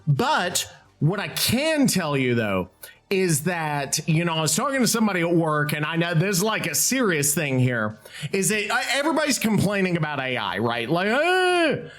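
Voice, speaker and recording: A man hosting his own show in a casual, rambling way, excitable and swearing freely. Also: on the high side, normal speed, faint music behind. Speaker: host. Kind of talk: casual talk while using AI tools.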